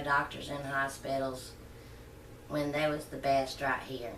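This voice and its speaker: A woman's voice: on the low side, bright, forceful tone, slight background noise. A middle-aged woman with a Southern US accent, casually telling a family story in a chatty, folksy way with frequent laughs. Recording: echoey room, mic at a distance.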